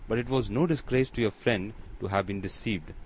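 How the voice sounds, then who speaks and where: A man's voice: fairly low pitch, brisk, a little mellow, natural voice, low-quality recording. A man voicing a grateful, deferential bandit messenger in an audiobook reading, with faint background noise.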